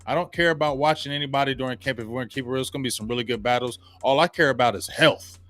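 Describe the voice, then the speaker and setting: Bright-voiced animated sports podcast host. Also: male voice, medium pitch, racing, no room sound, faint music behind. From Ohio. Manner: animated, slangy, laughs often. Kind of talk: casual sports chat.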